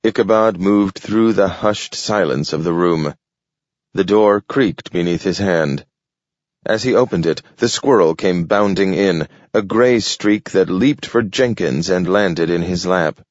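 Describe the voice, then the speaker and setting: Narratore uomo, voce bassa e lenta, registrazione spenta e asciutta. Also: male voice, dry recording. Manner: slow and measured. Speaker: audiobook narrator. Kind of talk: scripted narration. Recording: dull lo-fi audio, dry.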